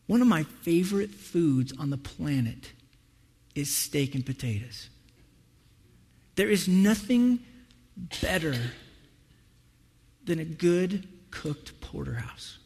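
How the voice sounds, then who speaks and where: High-voiced animated preacher in a big hall. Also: male voice, slow pace, long pauses, slightly rough. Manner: animated storytelling, acts out voices. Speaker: pastor. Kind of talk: sermon.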